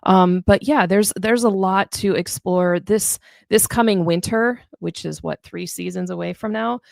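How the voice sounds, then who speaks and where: A woman's voice: medium pitch, a little slow, gravelly, no room sound, clean studio sound. A woman author hosting a live-streamed astronomy lesson, explaining stars in a chatty way with fillers and restarts.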